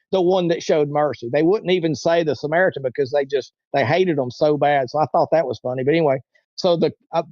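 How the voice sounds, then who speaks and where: This interview guest has a slightly high, slightly mellow voice, captured in a muffled recording without echo. He rambles through a long personal story, repeating himself and mimicking the people he quotes.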